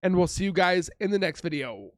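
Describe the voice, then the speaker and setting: A man hosting a reaction video, chatting casually and blurting quick reactions to what he watches. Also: high-pitched, sing-song, no room sound, studio quality. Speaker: reaction channel host.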